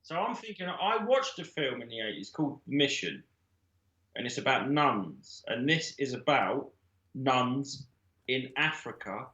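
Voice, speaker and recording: Man, comedian, rambling, swearing, bright voice, echoey room. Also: medium pitch, big pitch swings, measured pace, highs cut off. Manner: rambling, swearing, laughing a lot. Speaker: comedian guest. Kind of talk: improvised comic storytelling.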